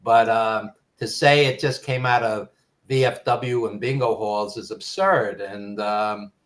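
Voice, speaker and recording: Speaking in an unhurried, steady tone, this older Brooklyn-accented New Yorker tells nostalgic tales on a podcast, wandering and full of ums. His pitch is on the low side with a fairly bright quality.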